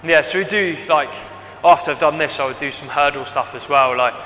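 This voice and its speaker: Young man, rugby winger, bright forceful voice, casual halting explainer; long reverb and faint music behind. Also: fairly high pitch. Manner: halting, full of "like" and "basically". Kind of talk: casual demonstration chat.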